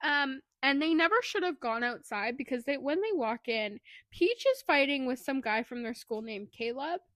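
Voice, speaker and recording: Animated young woman retelling a book. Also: high-pitched, moderate pace, no echo. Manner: animated retelling with lots of swearing and quoted voices. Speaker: podcast co-host. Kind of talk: casual book review chat.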